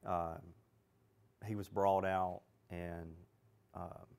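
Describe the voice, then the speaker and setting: A man, an emergency medic, recalling treating patients in a halting way with many fillers in a documentary interview. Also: low-pitched, level tone, vocal fry, darkish tone, smooth.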